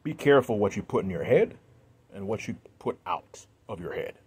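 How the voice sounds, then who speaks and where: A man's voice: fairly low pitch, very animated, normal speed, a little mellow, slightly rough. A man speaking to his viewers in an earnest, emphatic monologue, repeating himself and sounding emotional. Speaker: video creator.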